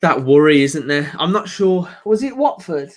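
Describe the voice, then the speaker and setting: A man's voice: a little high, big pitch swings. A man with a Birmingham accent, co-hosting a football reaction stream in rambling, giggly casual chat. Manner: rambling, giggly, quick to laugh.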